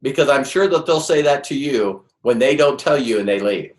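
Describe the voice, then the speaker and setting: Animated man preaching to a roomy hall. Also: medium pitch, normal speed. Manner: emphatic, rhetorical questions, acts out quoted voices. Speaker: network marketing trainer. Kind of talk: motivational seminar talk. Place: room with a live audience. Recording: roomy echo.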